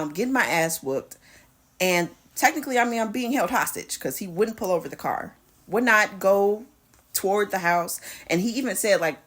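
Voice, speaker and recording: A woman's voice: medium pitch, a bit bright, slightly rough. A young woman, candidly telling a personal story in a vlog, quoting dialogue and swearing freely. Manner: candid, profane retelling with quoted dialogue. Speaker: vlogger.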